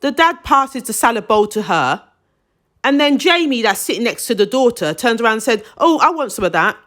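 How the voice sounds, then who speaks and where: A woman talks through a TV drama in a casual, opinionated review. Her pitch rises and falls in lively swings, and she drops into emphatic, indignant asides. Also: a little fast.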